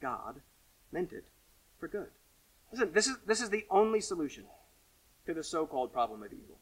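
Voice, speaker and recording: A pastor giving a sermon, earnest, rising to emphatic questions and falling to quiet asides. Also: male voice, fairly high pitch, very animated, a little fast, breathy edge, distant mic, low-quality recording.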